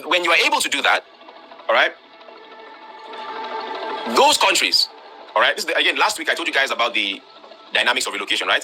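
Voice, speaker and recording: A Nigerian man delivers a blunt, forceful lecture to an online class, pressing his points with rhetorical questions. His voice is bright and sharp, and he talks at a brisk clip. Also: on the low side. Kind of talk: live-streamed talk to students.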